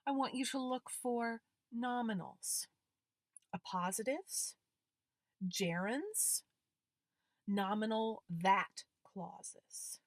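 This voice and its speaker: A woman lectures on grammar, walking through each example patiently. Her voice sits a little high and she speaks slowly. The recording is dry and close, with no room sound. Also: animated, no room sound. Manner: deliberate, explaining with worked examples. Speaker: grammar instructor.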